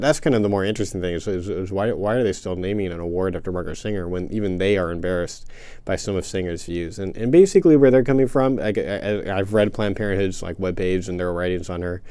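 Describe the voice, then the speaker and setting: Guy with a low mellow voice thinking out loud, lots of ums and restarts, dry close sound. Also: fast talker, clean tone, no room sound. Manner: hesitant, many fillers and restarts, careful hedging. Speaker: commentator answering a listener question. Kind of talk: casual spoken commentary.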